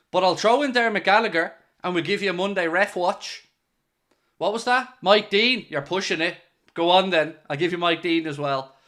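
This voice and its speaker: An Irish man hosting a football fan channel talks casually and solo to camera, playful, mock-serious and sarcastic. His voice is a little high with a fairly bright tone.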